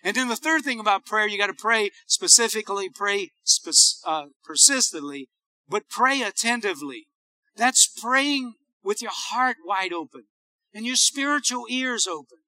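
Pastor, man, fervent call-and-response preacher, very high and piercing voice. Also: lively intonation, normal speed, sharp tone, no room sound. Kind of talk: sermon.

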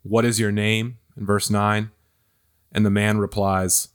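A man's voice: on the low side, level tone, a little slow, clean tone. A man hosting a Bible study discussion, thoughtful and hesitant, with many fillers and restarts. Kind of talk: casual discussion.

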